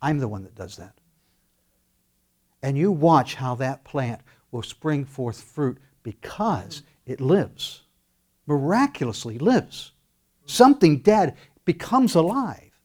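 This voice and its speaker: A man preaching a sermon, animated, acting out quoted voices as he goes. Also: mid-range voice, slow pace. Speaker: pastor.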